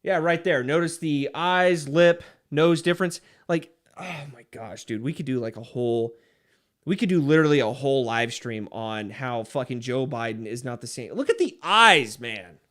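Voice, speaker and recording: A man's voice: medium pitch, animated, normal speed, fairly bright tone. A man hosting a livestream, reading chat and ranting in a profane, fired-up way. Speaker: livestream host.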